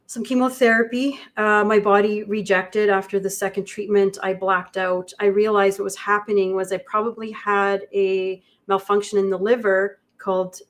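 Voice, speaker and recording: Woman guest, halting and reflective, flat delivery, mid pitch. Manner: halting, reflective, many pauses. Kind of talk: livestream conversation. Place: indoor studio.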